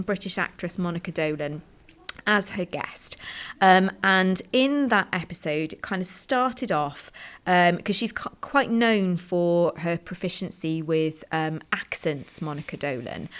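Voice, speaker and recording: A woman co-hosts a relaxed education podcast. Her voice sits a little low, and she rambles through her points with frequent fillers. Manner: chatty, rambling with many fillers. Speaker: podcast co-host, teacher. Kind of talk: casual podcast chat. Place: small room away from the usual studio.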